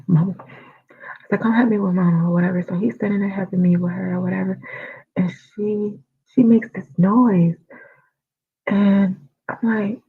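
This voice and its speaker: Middle-aged woman telling her story slow and halting, really husky low voice, keeps dropping to a whisper, muffled lo-fi sound. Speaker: guest sharing a family loss. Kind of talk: personal storytelling.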